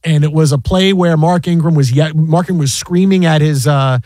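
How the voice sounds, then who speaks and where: A man who works as a sports broadcaster, telling an animated anecdote with many restarts and an incredulous tone. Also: on the high side, moderate pace, no echo.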